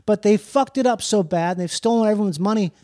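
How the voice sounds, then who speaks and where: A man, a comedian guest on a podcast, chatting casually in an animated, profane, rambling way. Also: sits high, fast, slight background noise.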